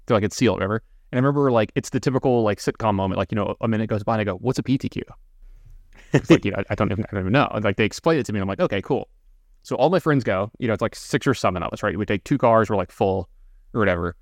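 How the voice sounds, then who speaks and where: Man, podcast co-host, casual storytelling, fast, dry sound. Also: lowish voice, dry recording. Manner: rambling, filler-heavy anecdotes.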